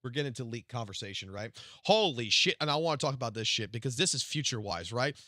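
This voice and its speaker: A man streaming live, reacting to game news in a profane, excitable rant that swings from low mutters to loud outbursts. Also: quick pace, no room sound, clean studio sound.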